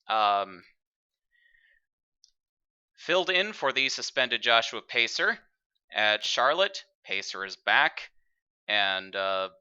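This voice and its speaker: A man hosting and commentating a virtual racing broadcast in an upbeat, broadcast-style delivery with filler pauses. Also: fairly low pitch, pushed and bright, smooth, lo-fi sound. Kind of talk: play-by-play commentary.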